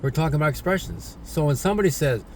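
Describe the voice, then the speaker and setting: A man's voice, a little high and a little mellow, moves fast as he gives a casual spoken English lesson over slight background noise. He's repetitive and ends points with tag questions like "right?" and "isn't it?".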